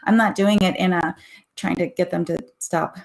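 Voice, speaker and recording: A woman's voice: fairly low pitch, steady tone, moderate pace, gravelly. Reflective woman guest. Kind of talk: casual livestream chat.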